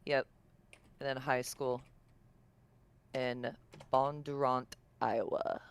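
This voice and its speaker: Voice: mid-range voice, steady tone, slow, clear, resonant tone. A co-host chatting casually on a podcast, speaking hesitantly and often filling gaps with "like". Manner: hesitant, fills with "like".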